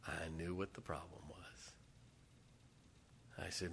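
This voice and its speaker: Bright-voiced man preaching a story. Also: sits low, slow pace, creaky, pauses often, a little hiss or hum. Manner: animated storytelling with loud bursts and soft asides. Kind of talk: sermon.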